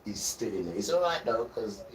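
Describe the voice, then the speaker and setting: A man's voice: lowish voice, big pitch swings, moderate pace, recorded from a distance. A man giving a rambling, preachy religious talk on a live stream and calling his viewers guys. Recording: roomy sound from away from the mic, faint noise.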